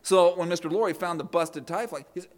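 Speaking fairly quickly in a high voice, a middle-aged pastor delivers a sermon built on family stories. He performs the quotes and often repeats words when restarting a thought.

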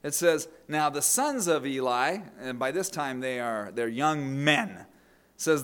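A man's voice: mid-range voice, expressive, unhurried, a bit bright, smooth. A middle-aged man preaching a sermon, telling family stories and often repeating words as he restarts a thought. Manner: storytelling with acted quotes, repeated words. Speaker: pastor.

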